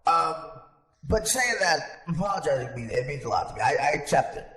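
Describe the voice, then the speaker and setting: A man's voice: a little high, sing-song, brisk, sharp tone. A man hosting a podcast in casual chat, rambling with frequent restarts. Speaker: podcast host. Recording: echoey room with long reverb.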